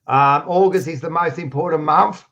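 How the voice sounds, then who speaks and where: An Australian man hosting a sports podcast, loud and teasing, swearing freely in casual banter. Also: fairly high pitch, moderate pace, dull audio. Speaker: podcast host.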